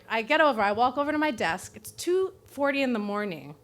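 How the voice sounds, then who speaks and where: A woman with a high voice tells a true story live on stage, cursing freely and poking fun at herself. She is from Brooklyn and keeps the tale animated and candid. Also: a little fast, few pauses. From Brooklyn, New York. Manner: profane, self-mocking, animated.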